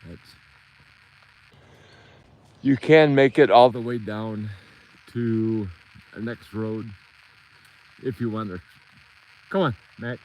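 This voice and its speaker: A fairly low-voiced man, winded and talking loosely into a phone as he walks his land. He drifts between chatting and calling after his dogs. Faint outdoor noise sits under his voice. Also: fairly even intonation, takes it slowly, long pauses, a little mellow, rough recording. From Michigan. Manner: rambling, talks to his dogs between thoughts. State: out of breath. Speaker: livestreamer walking his dogs. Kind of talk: casual livestream chat while walking. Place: outdoors on a rural property edge.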